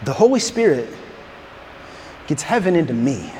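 A man preaching a sermon as a pastor, telling a story in an animated way with stammering restarts. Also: a little high, normal speed, slight background noise. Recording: long reverb in a large hall.

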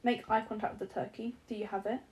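A woman voicing a drowsy, dry-witted young man, teasing in a deadpan, mock-solemn way. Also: medium pitch, fast talker, a little hiss or hum, close to an everyday voice.

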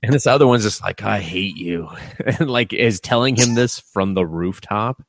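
A man's voice: medium pitch, normal speed, no room sound. A man co-hosting an anime podcast, casually retelling episodes with lots of swearing, laughter and quoted character voices. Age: adult with a young son. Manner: profane, laughing, acts out scenes in quoted voices. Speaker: podcast co-host. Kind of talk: casual anime review chat.

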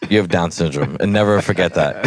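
A man's voice: low voice, vocal fry, very noisy. A man in his twenties teasing friends in crude casual banter, laughing often. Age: 20s.

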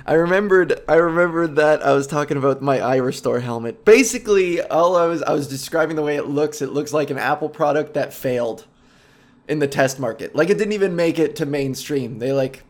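A man's voice: fairly high pitch, fairly quick. A man hosting a comedic solo podcast, rambling and self-mocking, and easily sidetracked, speaking close to his microphone. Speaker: podcast host.

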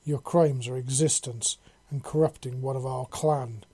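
A man voicing a massive, scarred male alien warrior judge, speaking with a gruff voice in cold, threatening pronouncements. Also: medium pitch, steady tone, measured pace, dark tone, no echo. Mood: accusing.

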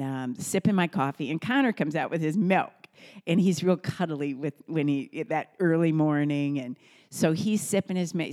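Chatty middle-aged woman telling family stories. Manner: warm, chatty storyteller who acts out quotes in a high voice. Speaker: host. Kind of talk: casual storytelling. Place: kitchen table at home.

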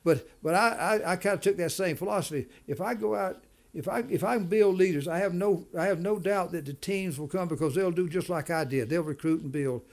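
Speaking fast in a high voice, a man talks as a business leader in a conversational interview. He's emphatic and often repeats and restarts his words.

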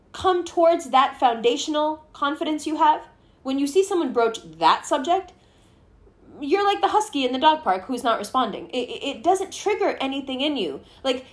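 Lively, high-voiced woman chatting. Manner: animated, swears freely, acts out quoted voices. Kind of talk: casual chat.

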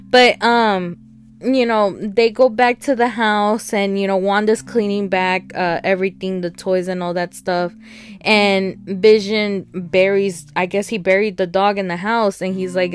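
A chatty woman rambles through a TV episode recap, slipping into the characters' lines as she goes. Her voice sits at a middle pitch, with soft guitar music playing faintly behind her. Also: steady tone, unhurried. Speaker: TV show reviewer. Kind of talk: casual recap and review.

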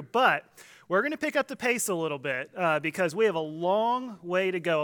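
A man's voice: high-pitched, bright, forceful tone, smooth. A man, a pastor, preaching a conversational sermon, joking and acting out voices from the crowd.

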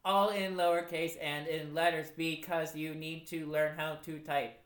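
A man's voice: fairly high pitch, level tone, measured pace, fairly bright tone, echoey room. A man co-hosting a podcast, chatting casually with playful, joking banter. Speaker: podcast co-host.

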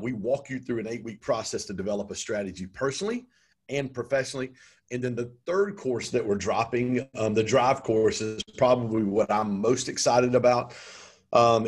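A man's voice: lowish voice, breathy edge. A man talking as an interview guest about his business coaching, chatty and full of ums. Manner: talkative, frequent ums. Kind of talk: conversational interview.

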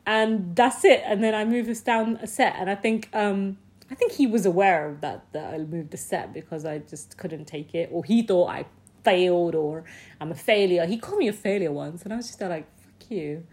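A young woman, telling personal stories in a casual, animated way with frequent laughs. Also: medium pitch, moderate pace. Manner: chatty and animated, with frequent laughs and acted-out quotes. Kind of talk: casual storytelling to camera.

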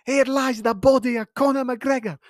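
A man doing a deliberately bad Irish-accented impression of a brash, cocky male fighter trading swaggering taunts. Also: extremely high pitch, fairly even intonation, no room sound, studio quality, voice pushed up. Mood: taunting. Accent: exaggerated fake Irish.

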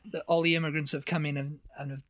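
A man co-hosting a casual chat, rambling in stop-start bits and slipping into quick impressions. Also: a little high, flat delivery, pushed and bright, no room sound, clean studio sound. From England. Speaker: podcast co-host.

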